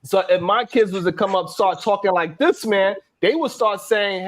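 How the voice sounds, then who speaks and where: A man's voice: high-pitched, normal speed, few pauses, a bit bright. A man on a discussion panel, defending his view insistently and repeating his words as he goes. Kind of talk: heated panel debate.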